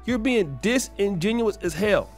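A man's voice: high voice, expressive, unhurried, soft background music. A man hosting his own channel, delivering a heated, ranting opinion monologue with repeated emphatic lines. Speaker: commentary channel host.

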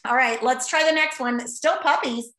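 A woman teacher running a playful class vote on a video call, animated, exclaiming and laughing often. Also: high-pitched, normal speed, roomy sound, heavy background noise.

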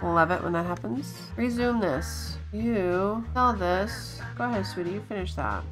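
A woman giving casual let's-play commentary, chatting to her game characters, coaxing and scolding them with sudden excited exclamations. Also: medium pitch, measured pace, music in the background. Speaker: gaming channel host.

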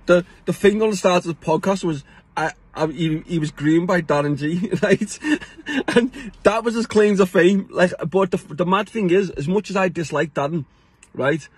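A man's voice: fairly high pitch, slightly rough, no echo. A middle-aged man with a British accent, ranting bluntly to camera in a casual vlog, swearing freely and laughing often between points. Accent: British English. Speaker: vlogger.

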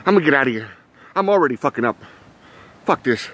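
A man's voice: medium pitch, lively intonation, fast, fairly bright tone. A man acting out a spoof horror reaction, swearing and exclaiming in mock panic. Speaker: comedy YouTuber.

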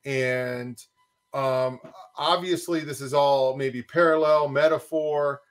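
A man's voice: mid-range voice, fairly even intonation, slow pace. A man co-hosting a casual reaction podcast, rambling with lots of fillers as he talks. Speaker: podcast co-host.

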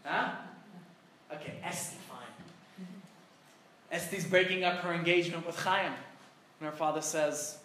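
A man's voice: a little high, a little slow, long pauses, bright, forceful tone, a little hiss or hum. A rabbi teaching a conversational Torah class, putting rhetorical questions to his listeners and telling jokes. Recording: very echoey room, mic far off.

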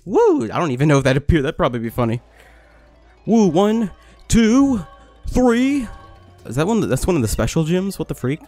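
A man giving casual let's-play commentary, complaining, swearing and getting excited as he plays. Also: mid-range voice, rapid-fire, few pauses, soft background music. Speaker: gaming video host.

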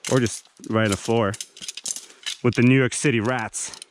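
A man's voice: mid-range voice, steady tone, normal speed. A man chats casually into a camera mic at a forest campsite, joking and teasing his friends. His voice sits in a mid range, and faint outdoor noise hums underneath. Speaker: vlogger. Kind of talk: casual vlog chat.

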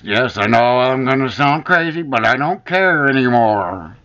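Animated and forceful, this vlogger rants with few pauses in a bright, medium-pitched voice, speaking a little slowly. His heated, profane tirade to the camera keeps hammering the same accusations, captured in dull lo-fi audio.

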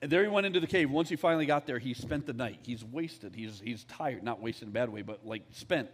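A man's voice: medium pitch, expressive, fairly quick, slight background noise. A man, an executive pastor, preaching a conversational, candid sermon in church and often checking in with the crowd. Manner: conversational, candid, often asks "all right?".

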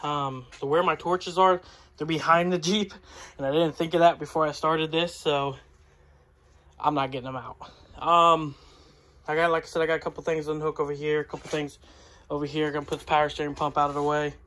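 This garage vlogger's voice is high-ish, bright and forceful, with little pitch movement and a brisk pace. He chats loosely while wrenching on a vehicle in his home garage, full of fillers and rambling, at times out of breath, in a casual work-along style.

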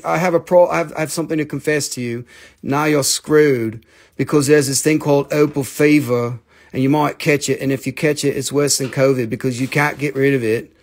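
An American man hosting a live sales stream, talking in an excitable, rambling way with casual swearing. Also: on the high side. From United States.

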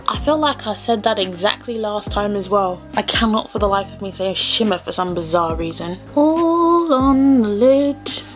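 A young woman chatting casually through a makeup tutorial at home, self-deprecating and full of rambling asides. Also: mid-range voice. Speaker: beauty vlogger. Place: home room, indoors. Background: faint background music.

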